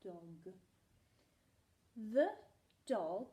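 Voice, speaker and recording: A woman's voice: fairly high pitch, animated, drawn-out words, long pauses, mellow. A woman teaching a recorded phonics lesson to young children, sounding words out letter by letter in a playful, sing-song way and pretending to need their help. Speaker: primary school teacher.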